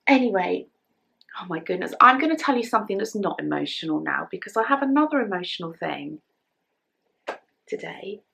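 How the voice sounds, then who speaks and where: English lady vlogging about knitting, kinda teary, gravelly voice, drops to whispers a lot. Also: on the low side, big pitch swings, brisk. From England. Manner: chatty, emotional, soft-spoken, drops to whispers. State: emotional, close to tears. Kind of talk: casual chat to camera.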